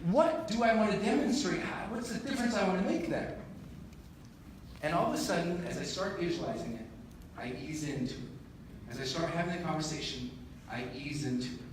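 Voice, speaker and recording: A man giving a live motivational keynote in a large conference hall, telling a story in an animated, emphatic way with self-deprecating humor. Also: a little high, brisk, background noise. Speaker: motivational speaker. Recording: echoey hall, distant mic, audible room ambience.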